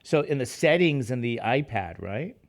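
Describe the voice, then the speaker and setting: A man's voice: medium pitch, very animated, moderate pace. A middle-aged man teaching math in a casual lecture, tired and rambling, with chatty self-deprecating asides. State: tired, sleepy.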